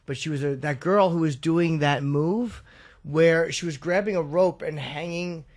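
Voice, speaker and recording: A man with a fairly high voice rambles through a story in casual podcast chat. He swears freely and has a wry, joking edge. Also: measured pace.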